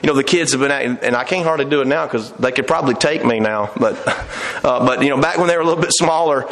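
A middle-aged man preaches a sermon in a church sanctuary, spinning folksy stories and building to fervent emphasis. His medium-pitched voice is fast and a little bright. The church hall gives the recording a long reverb.

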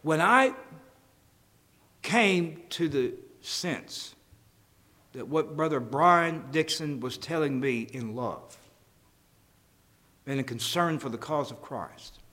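Pastor, folksy sermon delivery, animated, long hall reverb. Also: male voice, on the high side, takes it slowly, long pauses. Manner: folksy, jokey, acts out conversations.

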